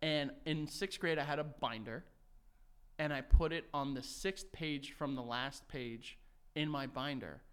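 A young man co-hosting a casual podcast. His voice sits a bit high, and he rambles through old memories, laughing and swearing freely. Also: measured pace, fairly bright tone, smooth. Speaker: podcast co-host. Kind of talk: casual chat.

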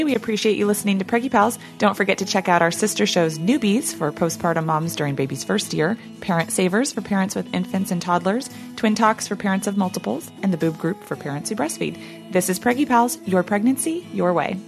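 A woman hosting a podcast, wrapping up a chat and reading the outro in a steady way. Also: medium pitch, brisk, gravelly, over music. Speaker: podcast host. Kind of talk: casual chat and scripted outro.

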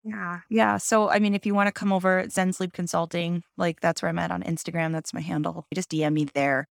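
A woman speaks candidly as an interview guest, recounting events with quoted back-and-forth. Her voice carries a gravelly edge, recorded close and dry. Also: on the low side, steady tone, a little fast, dry recording. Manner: open, emotional storytelling with quoted dialogue.

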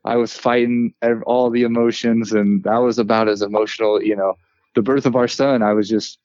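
A man in his thirties, a former player and coach, chatting on a podcast in an even-keeled, relaxed way with lots of fillers. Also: fairly low pitch, a little fast, no room sound, highs cut off. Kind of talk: casual podcast chat.

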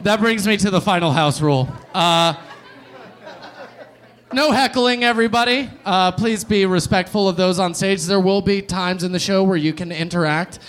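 A man's voice: high-pitched, moderate pace, a bit bright, a faint crowd. A young man hosting and doing stand-up on a comedy club stage, sardonic and riffing, with casual swearing.

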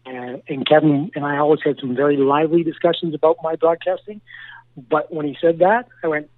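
A man's voice: on the high side, brisk, slight background noise. A man, a former hockey coach turned broadcaster, telling stories in a radio interview with lots of repeated words and acted-out dialogue. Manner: animated storyteller, repeats words, acts out quoted dialogue. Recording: tinny phone line, dry.

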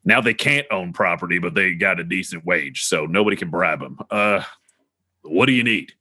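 Brief: man voicing a curt, cussing police chief; low, bright voice, dry mic. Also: lively intonation, moderate pace, no echo, exaggerated voice. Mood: gruff. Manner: curt, profane, commanding. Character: gruff blunt male law-enforcement chief.

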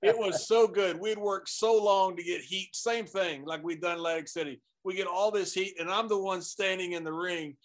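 A former wrestler with a high-pitched voice spins a funny road story. He teases his partner and laughs through the telling. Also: fairly even intonation, moderate pace, few pauses. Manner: playful, teasing, laughs through stories. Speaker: former pro wrestler, guest. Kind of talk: casual storytelling chat.

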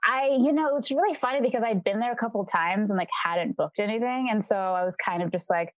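A woman's voice: medium pitch, quick pace, no echo. A young woman guesting on a podcast, chatting casually about acting, with lots of "like" and "you know" and frequent laughs. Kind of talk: casual interview chat.

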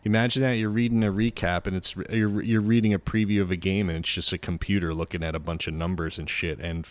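Deep-voiced rambling man. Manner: rambling, swears, goes off on riffs. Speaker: podcast host. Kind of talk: casual sports chat.

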